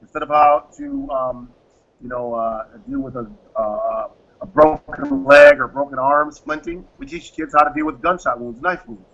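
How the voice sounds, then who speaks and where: A man with a gravelly, slightly husky voice that swings widely up and down as he explains his methods and acts out quoted exchanges. His tone is bright and forceful. The audio is dull and lo-fi. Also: extremely high pitch, very animated, moderate pace. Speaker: guest, private security firm founder. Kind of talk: interview answers, explaining.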